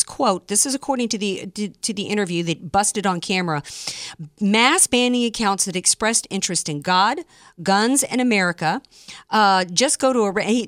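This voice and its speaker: A woman's voice: medium pitch, a bit bright, dry recording, studio quality. A woman hosting a political talk radio show, speaking with indignant emphasis, full of fillers and restarts. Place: studio, also streamed live online.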